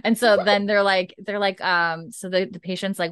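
A woman's voice: mid-range voice, normal speed, clear, resonant tone, no room sound. A young adult woman in casual podcast chat, recapping a show and acting out the characters' lines as she goes. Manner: animated retelling, acts out the characters' lines. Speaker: podcast co-host recapping an episode.

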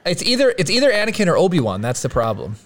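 A man co-hosting a casual livestream chat, excitable and jokey. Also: sits high, fast. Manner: excitable, quotes movies, jokey. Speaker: podcast co-host.

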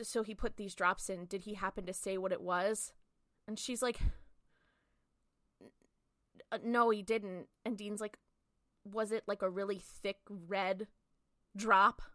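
A woman co-host tells the story of a TV episode in a quick, chatty way, acting out each character's lines. Her voice is bright and clear. The sound is close and dry, with no room around it. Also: mid-range voice, dry recording. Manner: chatty, animated storytelling with lots of "like" and acted-out quotes. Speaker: podcast co-host. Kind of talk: casual chat recapping an episode.

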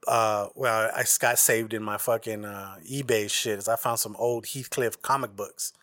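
A man's voice: lowish voice, steady tone, normal speed, a bit bright, no echo. Brief: a male podcast host, loose and profane, recorded dry on a close mic. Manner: profane, slangy and rambling. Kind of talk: casual chat.

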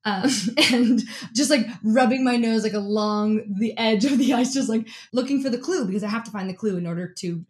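A woman guest in an interview, telling a lively story in a casual way, with lots of "like" and frequent laughter. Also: on the high side, a little fast, hardly any pauses. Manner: animated, fills speech with "like", laughs often. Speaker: interview guest, athlete and keynote speaker.

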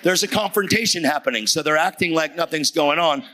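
A man's voice: on the high side, brisk, sharp tone, a little hiss or hum. A man in his fifties preaching as a guest speaker, telling a personal story with emphasis and acting out the dialogue. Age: 50s. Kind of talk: sermon told as a personal story.

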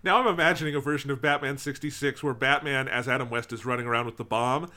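A man co-hosting a podcast, chatting casually about a movie, animated, swearing freely and acting out lines from the film. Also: mid-range voice, fast. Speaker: podcast co-host. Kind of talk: casual film review chat.

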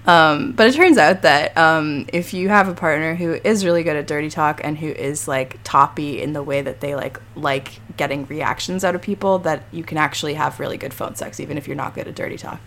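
A woman co-hosting a casual podcast. Her voice sits very low and comes out gravelly, like a rough morning voice. She talks in a chatty, candid way. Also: a little fast, few pauses, a bit bright, a little hiss or hum. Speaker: podcast co-host.

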